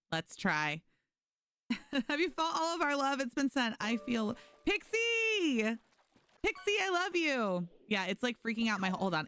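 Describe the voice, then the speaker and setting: A woman's voice: mid-range voice, slight background noise. A young woman streaming a game, chatting casually with her viewers and thanking them. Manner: chatty, animated, reads chat aloud and thanks viewers. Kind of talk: casual livestream gaming chat.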